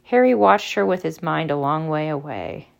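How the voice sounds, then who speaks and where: A woman reading a novel aloud as narrator, measured and expressive. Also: sits low, vocal fry. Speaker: audiobook reader. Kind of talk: storybook narration.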